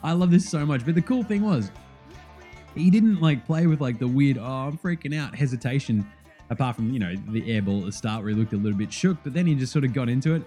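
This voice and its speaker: Excitable, swearing Australian sports host. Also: male voice, medium pitch, fast talker, soft background music. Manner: excitable, swears freely, laughs often. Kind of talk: casual sports commentary.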